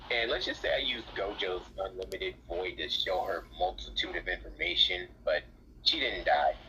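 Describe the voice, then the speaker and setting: A man casually telling a role-play story in an animated, rambling way. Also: sits low, moderate pace. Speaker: storyteller in a what-if collab. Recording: dull lo-fi mic, faint hiss.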